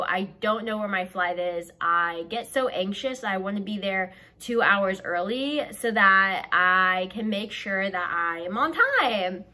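A young woman from the American South, telling a story in a chatty, animated way and saying "like" constantly. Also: mid-range voice. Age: young adult. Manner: chatty and animated, heavy use of "like". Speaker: vlogger. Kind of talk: storytime vlog.

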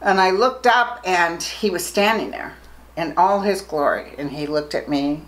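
A woman's voice: fairly low pitch, unhurried, low-quality recording. A woman, a psychic guest, telling a personal story in a casual interview and acting out the quotes as she goes. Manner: animated storyteller, acts out quotes.

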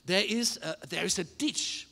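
A man preaching a sermon in a high, bright, ringing voice. He talks straight to the congregation and pushes his lines up into shouted peaks. The sound trails off in a long church-hall reverb. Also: measured pace, vocal fry. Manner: emphatic, building to shouted climaxes; addresses the congregation directly with questions. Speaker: pastor. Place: church service with a live congregation.

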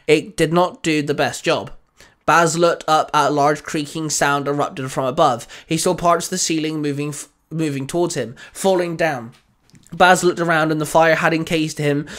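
A man reading a fan fiction story aloud in a steady narrating manner, with small slips. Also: a little high.

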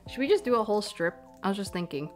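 Young canadian woman streaming a game, rambling and apologetic, mid pitch, soft music behind. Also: animated, fast. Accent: Canadian English. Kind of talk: casual live-stream chat while gaming. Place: home room, stepping away from the mic at times. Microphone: desk microphone.

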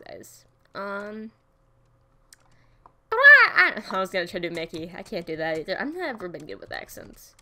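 A woman's voice: on the low side, fairly bright tone, a little hiss or hum. A woman chatting casually over her gameplay, rambling and often putting herself down. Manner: rambling and self-deprecating. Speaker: gaming video host.

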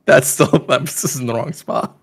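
A man's voice: medium pitch, fast talker, gravelly, slightly rough. A man co-hosting a casual gaming podcast, easygoing and self-deprecating, often laughing along. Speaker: podcast co-host.

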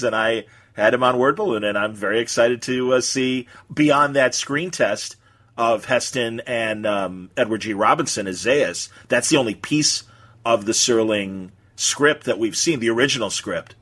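A man's voice: medium pitch, normal speed, bright, forceful tone, breathy edge. A man hosting a podcast in casual chat, talking with easy enthusiasm. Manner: chatty, enthusiastic about films and comics. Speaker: podcast host.

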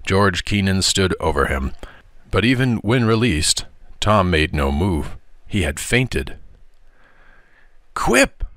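A man narrates a classic novel with a deep, low voice in a measured, expressive way. His tone is bright and clear, and the recording is dry, with no room sound. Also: dry recording. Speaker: father reading aloud.

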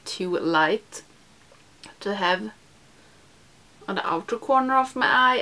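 Chatty young woman doing a makeup vlog. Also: mid-range voice. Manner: chatty, self-deprecating, many fillers, drops into soft whispers while applying makeup. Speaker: beauty vlogger. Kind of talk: casual makeup tutorial chat.

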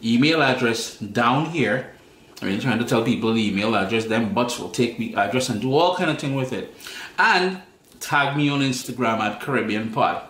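A man's voice: mid-range voice, lively intonation, normal speed, a bit bright, echoey room. A man hosting a home cooking demonstration, chatty and folksy, talking straight to his viewers. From Trinidad and Tobago. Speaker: cooking show host. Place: home kitchen.

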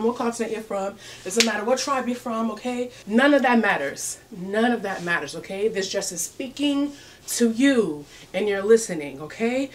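A young woman chats through a clothing try-on haul in a sassy, playful way, laughing as she goes. Her voice sits at a middle pitch for a woman. A faint background noise runs under the recording. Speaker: fashion vlogger. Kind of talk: casual try-on haul chat.

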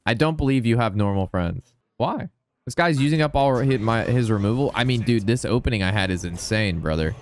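A young man giving casual gameplay commentary as a streamer, rambling, excitable and swearing a lot. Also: lowish voice, brisk, a little hiss or hum.

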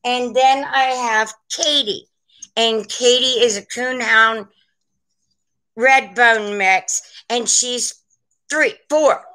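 Slow, bright-voiced woman chatting on a live stream from home. Her tone is sharp and fairly high, and she rambles warmly to her viewers as she shows off antiques. She takes her time over every word. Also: low-quality recording. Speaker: online vintage seller. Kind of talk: live-stream sales chat. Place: at home, indoors.

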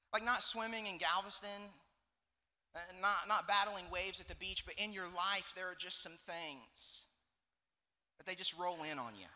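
A male pastor in his thirties delivers a sermon with animated, joking storytelling. His voice sits a little high and sounds very bright and forceful, with a long reverb tail from a large church hall. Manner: animated storytelling with laughs and asides. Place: church auditorium.

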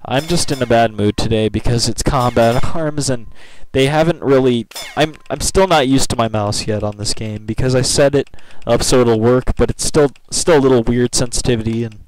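A man talks over his gameplay in a casual, offhand voice of middling pitch. He grumbles, quickly turns frustrated, then apologizes. Faint game gunfire and clicks sit low behind him. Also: darkish tone, a little hiss or hum, low-quality recording. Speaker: gameplay video host.

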